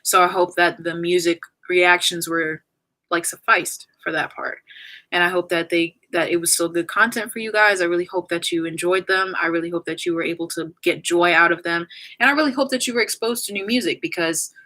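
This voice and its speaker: Young woman, livestream chat, rambling, says y'all, tearful, bright voice, lowish pitch. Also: steady tone, brisk, rough recording. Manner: rambling, many fillers and restarts, addresses viewers as y'all. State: tearful, crying at times. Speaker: YouTuber ending her channel on a livestream. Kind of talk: casual livestream chat, reading viewer comments.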